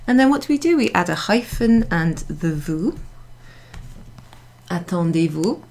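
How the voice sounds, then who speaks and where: A woman leads a beginners' class in a small room, explaining each point patiently and repeating every example. Her voice sits a little low. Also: expressive, measured pace, a little mellow. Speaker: French teacher. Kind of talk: classroom French lesson.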